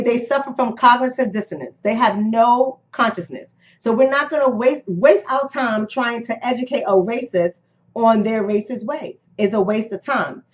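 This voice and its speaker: A woman hosting a live-streamed book club discussion, talking emphatically, repeating key phrases and asking rhetorical questions. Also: fairly high pitch.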